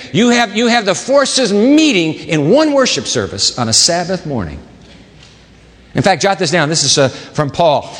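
A man preaching a sermon as pastor, dramatic, swinging between loud emphasis and hushed low asides. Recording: long reverb of a large hall.

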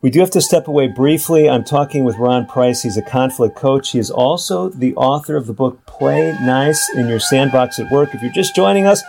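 A man hosting an interview, measured and reflective, summing up his guest's points. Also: mid-range voice, gravelly, a little mellow. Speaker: radio talk show host.

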